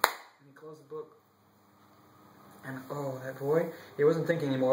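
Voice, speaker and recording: A man telling a devotional story expressively, shifting from loud to whispered passages. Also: medium pitch, expressive, moderate pace, pauses often, roomy sound, very noisy. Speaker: storyteller monk.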